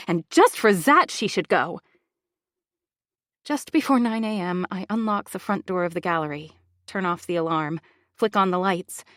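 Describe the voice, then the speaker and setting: A woman narrating a first-person thriller audiobook with an expressive, emotional delivery. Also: medium pitch, dry recording, studio quality.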